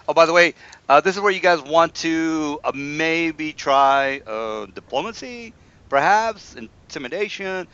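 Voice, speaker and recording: A man running a tabletop game as dungeon master, rambling and filling pauses with "uh". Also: fairly high pitch, animated, bright, forceful tone, smooth, no echo. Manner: rambling, lots of fillers. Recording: dull, lo-fi sound.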